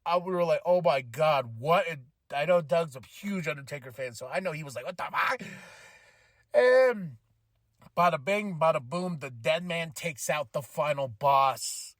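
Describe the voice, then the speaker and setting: Pumped-up podcast guy gushing about a wrestling show, kinda high voice, dry mic. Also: moderate pace, no room sound. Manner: excited, emotional, animated retelling with laughs. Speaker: podcast host. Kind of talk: casual wrestling recap.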